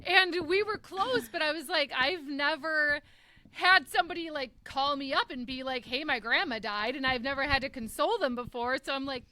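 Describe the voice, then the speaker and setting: A woman's voice: high-pitched, sing-song, moderate pace, pushed and bright. A woman in her thirties co-hosting a casual chat, telling a story with lots of laughter and acted-out dialogue. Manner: laughs through stories, acts out dialogue. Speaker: podcast co-host.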